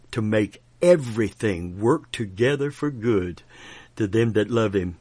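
A man preaching a sermon in a slow, fervent way, often breaking into hallelujahs and soft laughs. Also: mid-range voice, dry recording.

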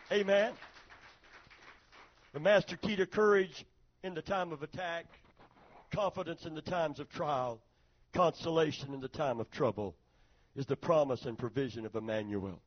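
A high-pitched male pastor preaching to his congregation, calling for amens and responses. The recording is dull and lo-fi, with the highs rolled off. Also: normal speed, long pauses. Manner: preaching with call-and-response, reads a story aloud dramatically. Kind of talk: sermon.

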